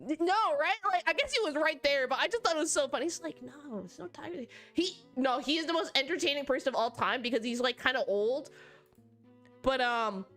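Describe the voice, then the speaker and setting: A woman's voice: high-pitched, animated, fairly quick, a bit bright, faint music behind. A young woman streamer casually telling rambling work stories, often laughing at them herself. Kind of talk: casual livestream storytelling.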